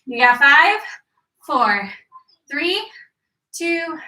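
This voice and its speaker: A woman's voice: sits high, very animated, very slow, sharp tone. A woman leading a live workout class, chatty and joking while she tells a story and counts reps aloud. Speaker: fitness instructor. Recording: echoey room, distant mic.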